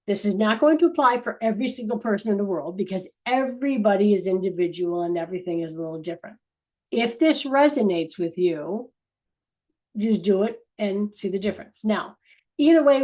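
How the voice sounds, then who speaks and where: A woman's voice: medium pitch, low-quality recording. Earnest woman channeling spiritual messages. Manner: earnest, rambling, with restarts and soft trailing ends. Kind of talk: casual spiritual talk to viewers.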